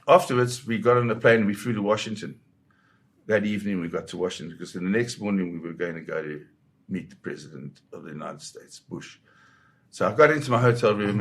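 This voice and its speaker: A man from Zimbabwe, a photographer guest, telling anecdotes in a lively raconteur's way and acting out the voices of people in his stories. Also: on the low side. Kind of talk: anecdotal storytelling.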